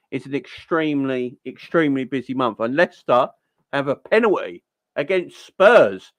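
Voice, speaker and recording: A young man hosting a casual football fan livestream, chatty and giving shout-outs to viewers. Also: fairly high pitch, dry recording.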